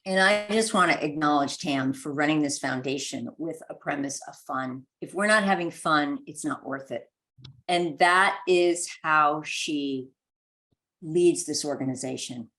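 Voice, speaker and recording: A woman's voice: low-pitched, measured pace, fairly bright tone. A woman on a webinar panel speaking earnestly and with some self-deprecating humor over a video call. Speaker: foundation staff panelist. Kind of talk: casual group discussion.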